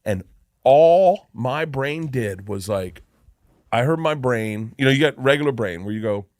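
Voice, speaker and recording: A man telling a wild story on a podcast, animated and acting out the voices of people in it. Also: fairly low pitch, moderate pace, no room sound, studio quality.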